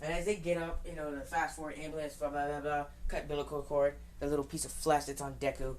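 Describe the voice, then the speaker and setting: A woman's voice: low-pitched, little pitch movement, quick pace, a little mellow, a little hiss or hum, rough recording. A woman improvising a fan story in casual, rambling talk, full of swearing and restarts, and snapping defiantly at critics. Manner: rambling, profane, frequent restarts.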